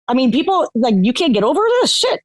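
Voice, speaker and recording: A woman's voice: high voice, sing-song, fast talker, no room sound. A woman guest on a podcast, talking candidly with a lot of swearing and laughter. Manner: candid, profane, laughs often. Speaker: podcast guest, reality TV competitor. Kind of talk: casual chat.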